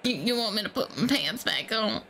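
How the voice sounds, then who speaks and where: A woman scambaiter playing dumb on a prank call, rambling goofily and shouting silly sound effects. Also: mid-range voice, lively intonation, brisk, a crowd in the background.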